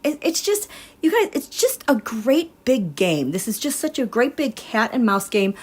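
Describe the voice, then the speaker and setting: A woman reading tarot cards live, chatting in an animated way and laughing often. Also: fairly high pitch, moderate pace, husky. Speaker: tarot reader.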